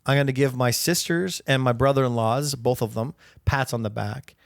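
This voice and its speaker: A man in his thirties co-hosts a casual podcast and tells reflective stories about his children. His voice has a gravelly edge. The sound is close and dry. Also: medium pitch, normal speed, no echo. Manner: storytelling, reflective, fond of his kids. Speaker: podcast co-host. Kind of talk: casual chat.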